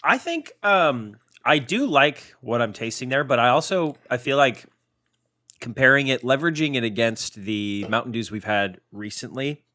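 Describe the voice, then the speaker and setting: A man's voice: mid-range voice, expressive, normal speed, bright, forceful tone. A man co-hosting a snack review podcast, a bit congested from allergies, giving easygoing, thoughtful opinions. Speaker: podcast co-host. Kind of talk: casual food review chat.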